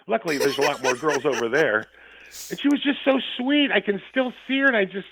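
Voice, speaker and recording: A man's voice: a little high, fairly quick, a bit bright. A man calling in as a guest musician, telling rambling, profane stories with frequent laughs. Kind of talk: casual storytelling chat. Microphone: phone call. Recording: tinny phone line.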